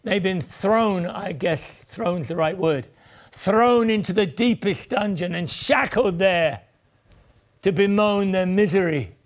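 A man's voice: high voice, slow pace. A man preaching a sermon in an earnest voice that swells and then sinks almost to a whisper. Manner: earnest, rises and falls, drops to near whispers.

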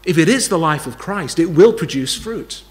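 A man's voice: a little high, lively intonation, moderate pace. A man preaching a sermon, emphatic, repeating key phrases and asking rhetorical questions.

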